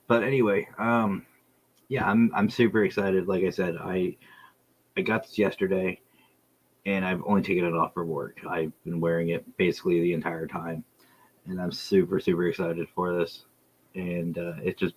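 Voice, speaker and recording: A man's voice: deep voice, a little hiss or hum, rough recording. A man hosting his own podcast livestream, chatting casually and enthusiastically with viewers and reading their messages aloud. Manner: rambling, enthusiastic, reads chat aloud. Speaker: podcast host. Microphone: streaming setup.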